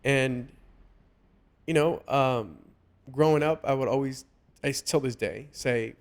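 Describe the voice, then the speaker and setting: A man hosting a casual podcast chat, talking earnestly and haltingly with many restarts. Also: medium pitch. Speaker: podcast host.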